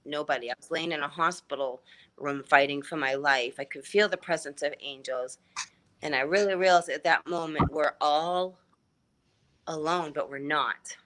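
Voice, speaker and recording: Woman guest, earnest, spiritual, bright but lowish voice. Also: moderate pace. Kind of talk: casual livestream chat.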